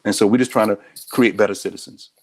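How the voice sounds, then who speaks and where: A man's voice: fairly low pitch, fairly even intonation, quick pace. Earnest man, direct talk. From United States. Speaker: county sheriff, guest. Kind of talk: candid interview talk.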